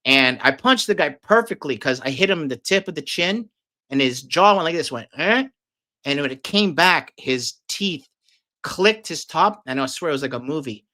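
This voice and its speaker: Man, casual storyteller, bright tense tone, rambling, crude, lots of fillers. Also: fairly high pitch, animated, normal speed. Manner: profane, rambling, filler-heavy.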